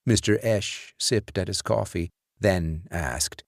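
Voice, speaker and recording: A man narrating a horror audiobook in a slow, deliberate storytelling manner. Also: low-pitched, no room sound, clean studio sound.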